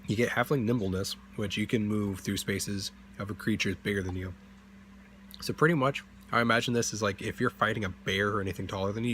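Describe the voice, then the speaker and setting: Young guy with a deep voice riffing about game rules, loose and rambly, faint hum behind. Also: fairly bright tone. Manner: rambling, with fillers and self-corrections. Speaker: D&D channel host. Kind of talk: casual rambling commentary.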